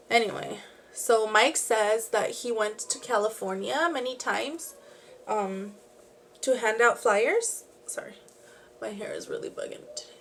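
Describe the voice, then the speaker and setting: Slow-talking young woman vlogger. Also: fairly high pitch, creaky, a little hiss or hum. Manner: chatty, rambling, with frequent "like" and asides. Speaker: beauty and true crime vlogger. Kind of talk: casual storytelling while doing makeup.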